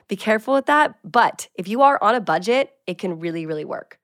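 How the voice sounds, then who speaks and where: A woman's voice: medium pitch, expressive, fairly quick, few pauses, a bit bright, no room sound, clean studio sound. A woman in her twenties hosting her own show, chatting casually and upbeat through business tips, with lots of filler words. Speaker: fitness creator and show host.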